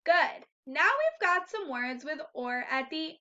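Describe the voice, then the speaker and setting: A woman teaching phonics to young children in a high, bright voice. She talks slowly and clearly, stretching out sounds and praising often. The recording is a little dull and lo-fi. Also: sing-song. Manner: slow, clear, encouraging teacher talk with drawn-out sounds. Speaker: first grade teacher.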